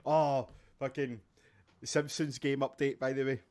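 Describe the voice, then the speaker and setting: A man's voice: mid-range voice, little pitch movement, measured pace, darkish tone. A man co-hosting a wrestling podcast, bantering and telling jokes with plenty of swearing. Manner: joking, swears freely. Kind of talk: casual chat, banter.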